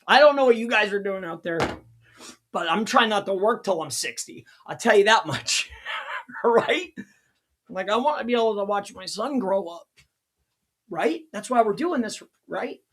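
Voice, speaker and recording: Husky-voiced man, excitable and rambling. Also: sits high. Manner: rambling, excitable, laughing at own jokes. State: strained voice. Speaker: local SEO consultant and livestream host. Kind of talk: casual livestream teaching.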